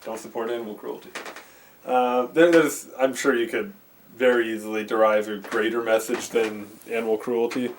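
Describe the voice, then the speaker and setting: In his bedroom, a man with a medium-pitched, steady voice talks at normal speed about VHS movies into a handheld camcorder mic, with faint camcorder hiss. He rambles casually, loaded with fillers, and keeps interrupting himself to restart.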